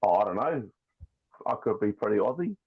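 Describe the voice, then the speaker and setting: A rambling, jokey man with a New Zealand accent talks casually as a podcast guest. His voice sits on the low side. It comes through a thin, phone-like call connection. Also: expressive, a little fast, gravelly, husky. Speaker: guest toy customizer. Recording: tinny phone-like call line.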